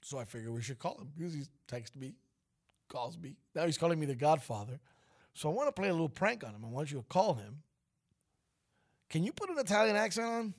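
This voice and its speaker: A man's voice: a little high, very animated, a little fast. A man hosting a radio show, chatting in a playful, teasing way. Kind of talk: casual radio banter.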